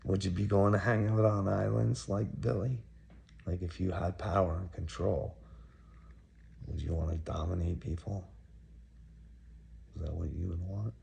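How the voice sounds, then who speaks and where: A man with a very low, gravelly voice talks straight at one viewer. His rant is taunting and preachy, and he piles up question after question. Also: steady tone, unhurried, pauses often, warm tone, a little hiss or hum. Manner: taunting, preachy, repeats "little me". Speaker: commentator reacting to a clip. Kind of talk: ranting monologue to a viewer.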